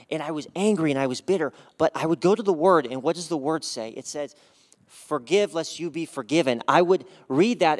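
A man sharing his testimony at a church service, speaking with passion and raising his voice to urge the congregation. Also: on the high side.

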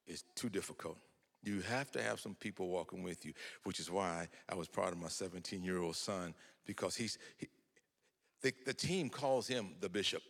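A man's voice: low-pitched, normal speed, creaky, fairly bright tone, in a large hall. An older man telling folksy, humorous family stories in a sermon, acting out the dialogue. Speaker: preacher. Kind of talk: storytelling sermon.

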